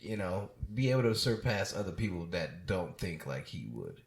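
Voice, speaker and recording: Male comedian host, loose and joking, husky and gravelly, voice jumping around. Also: sing-song, moderate pace. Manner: playful, swoops in pitch when joking. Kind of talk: casual podcast chat.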